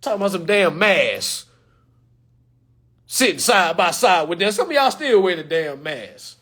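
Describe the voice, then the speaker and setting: A man ranting to camera in an animated, joking way, loud and slangy, calling out to his viewers. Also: high voice, a little slow.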